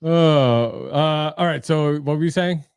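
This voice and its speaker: A middle-aged man in casual podcast chat, his voice smooth and resonant at an ordinary pitch. He talks in a relaxed, joking way with fillers, and the sound is dry and close. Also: measured pace, no room sound. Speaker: podcast host.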